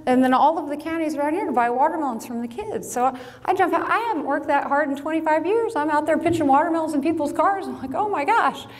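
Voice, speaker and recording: Middle-aged woman, farm owner, talking to an audience from a stage. Fairly high voice, lively storytelling, long hall reverb. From Illinois, USA. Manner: lively storyteller, acts out quotes, self-mocking asides. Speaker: farm business owner and speaker.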